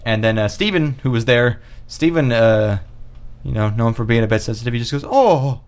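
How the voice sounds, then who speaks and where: A young man co-hosting a podcast, chatting casually in a rambling, halting way with many fillers. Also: mid-range voice, smooth. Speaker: podcast co-host. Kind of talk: casual chat.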